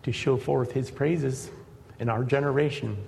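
A man's voice: medium pitch, steady tone, measured pace, vocal fry, darkish tone, in a large hall. A man preaching a sermon to his congregation in an earnest manner, building to emphatic peaks.

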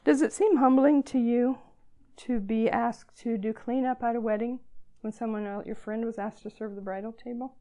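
A woman's voice: fairly high pitch, fairly even intonation, normal speed, mellow, highs cut off. A woman in her fifties giving an earnest, encouraging devotional talk to young women. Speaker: speaker at a girls' gathering.

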